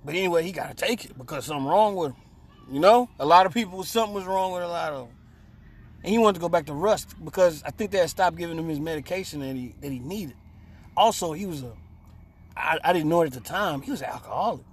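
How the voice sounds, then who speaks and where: A man's voice: fairly high pitch, fast talker, slight background noise. A man on a radio talk show telling a rambling, profane story and acting out the quotes. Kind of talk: casual storytelling chat.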